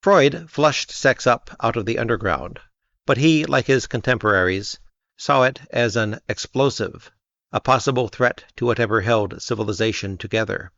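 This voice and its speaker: A man reading an essay aloud in a measured, even narration. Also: mid-range voice, dry recording. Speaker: reader. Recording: dull lo-fi dry recording.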